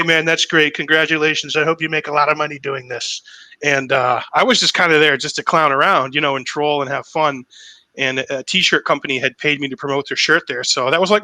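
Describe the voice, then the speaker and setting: Bright-voiced man telling stories. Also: medium pitch, no room sound, rough recording. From Massachusetts, US. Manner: energetic storyteller, swears freely. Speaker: host. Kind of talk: casual conversational interview.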